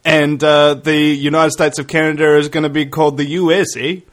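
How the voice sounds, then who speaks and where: A man's voice: on the high side, completely flat delivery, fairly quick, a bit bright. Rambling New man, full of fillers. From New Zealand. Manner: rambling, filler-heavy, joking. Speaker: radio guest and fellow show host. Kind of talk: casual talk radio chat.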